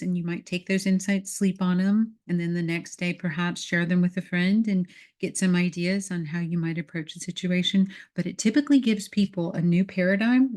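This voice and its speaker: Woman, leadership coach, lowish voice, step-by-step guidance, repeats words for emphasis. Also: a little mellow. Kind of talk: guided exercise instruction.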